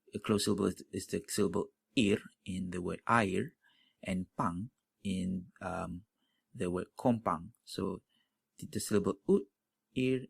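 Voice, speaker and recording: Gravelly, husky man explaining pronunciation. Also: on the low side, no room sound. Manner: thinking aloud with frequent fillers. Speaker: language teacher.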